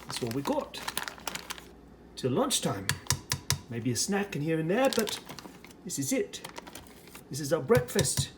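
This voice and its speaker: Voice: medium pitch, big pitch swings, unhurried, long pauses, noisy background. An American reviewer in a put-on British accent, giving a chatty running commentary while preparing and tasting ration food in a casual food vlog. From United States.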